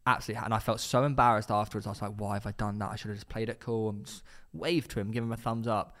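A young man, co-hosting a casual podcast and telling animated stories with quick restarts. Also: fairly low pitch. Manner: fast, animated storytelling with restarts and put-on voices. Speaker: podcast co-host. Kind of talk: casual chat, storytelling.

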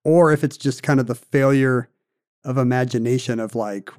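A man's voice: medium pitch, normal speed, darkish tone. A man co-hosting a casual podcast, chiming in with playful, jokey remarks. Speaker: podcast co-host. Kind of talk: casual chat.

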